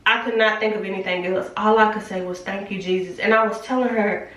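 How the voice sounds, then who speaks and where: Here the vlogger's medium-pitched, slightly bright voice moves briskly with fairly even intonation, sounding far from the mic amid roomy echo. The young woman recounts her personal faith story as a casual testimony, chatty, candid and packed with fillers.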